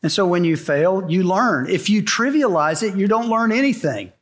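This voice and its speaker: In a church sanctuary, a middle-aged pastor delivers a sermon to the congregation at a moderate pace. His voice is high-pitched with lively intonation, and he drives his message home by repeating key lines emphatically.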